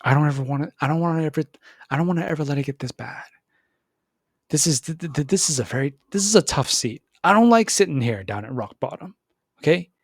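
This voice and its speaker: A man hosting a podcast, giving an animated motivational monologue, repeating words and acting out other voices. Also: fast, slightly rough, dry recording, clean studio sound. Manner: animated, repeats words, acts out voices with big pitch jumps. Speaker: podcast host.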